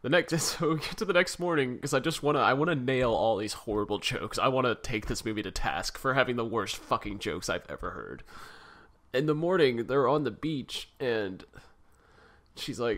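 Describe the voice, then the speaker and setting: A man's voice: mid-range voice, expressive, normal speed, a bit bright. A man co-hosting a podcast, chatting casually about a film, laughing often and sounding critical and exasperated. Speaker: podcast co-host. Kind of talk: casual film review chat.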